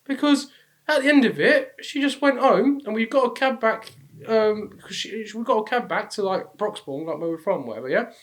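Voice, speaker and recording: A man's voice: high voice, animated, moderate pace. A young man with an English accent, co-hosting a podcast, telling stories in a laddish, slangy way and laughing often. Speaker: podcast co-host. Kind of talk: casual chat.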